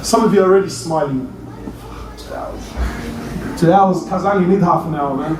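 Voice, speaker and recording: A male preacher giving an animated sermon to a crowd, often rising to near-shouts and calling listeners brother. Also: a little high, normal speed, background noise. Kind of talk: passionate sermon. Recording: echoey hall, mic at a distance.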